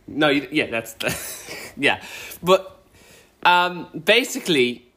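A man's voice: a little high, expressive, slow, pushed and bright. A man co-hosting a podcast, chatting casually, rambling and swearing as he riffs into rants. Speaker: podcast co-host. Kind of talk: casual chat.

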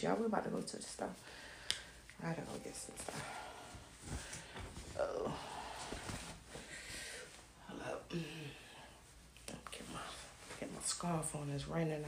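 A woman podcast host ranting casually to her listeners, loud and emphatic, swearing constantly and calling them y'all, talking into a phone as she walks around her house. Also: low-pitched, vocal fry, a little hiss or hum. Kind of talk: casual profane rant to listeners. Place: at home, walking around the house.

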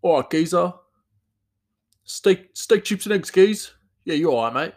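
A man voicing a cheery London geezer with a put-on Cockney accent, loud and chummy. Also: high-pitched, expressive, unhurried, voice pushed up.

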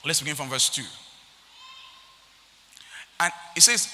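Pastor guy preaching hard, high bright voice, big echoey hall. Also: lively intonation, normal speed, long pauses. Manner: emphatic, repetitive, reading scripture aloud. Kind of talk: sermon.

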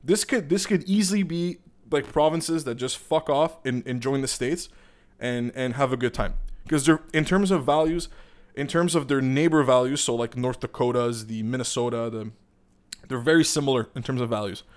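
A man's voice: medium pitch, steady tone, moderate pace, smooth. Rambling, profane man. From Quebec, Canada. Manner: rambling and profane, many fillers and restarts. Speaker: podcast host. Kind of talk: casual opinion monologue.

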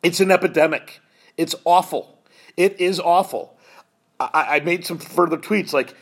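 Earnest, husky-voiced man in his fifties. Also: on the high side, unhurried, fairly bright tone. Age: 50s. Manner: earnest, emotional, choked up at times. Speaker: podcast host. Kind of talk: emotional personal storytelling.

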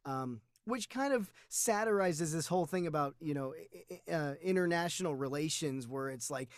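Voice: medium pitch, expressive, normal speed, no echo. A co-host in a casual movie chat, chatty and full of trivia, acting out scenes while explaining them. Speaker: podcast co-host.

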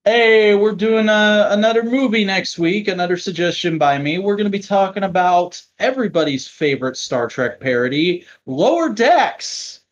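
Male co-host, slightly high voice, excitable and profane, muffled lo-fi recording. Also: normal speed, few pauses. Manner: excitable, swears freely. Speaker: podcast co-host. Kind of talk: casual chat.

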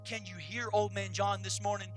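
A pastor preaching a sermon at a church service, animated and swinging between loud and hushed delivery. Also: mid-range voice, normal speed, soft background music.

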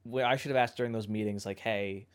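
A young man hosting a podcast in casual chat, thinking out loud in a reflective way and often correcting himself mid-sentence. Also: lowish voice, steady tone, fast talker. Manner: reflective, rambling, self-correcting. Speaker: podcast host.

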